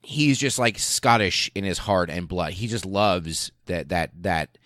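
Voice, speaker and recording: A man's voice: deep voice, expressive, a little slow, a bit bright, no room sound, clean studio sound. A man hosting a podcast, telling a history story in a casual, rambling, profane way with fillers and laughs. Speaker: podcast host.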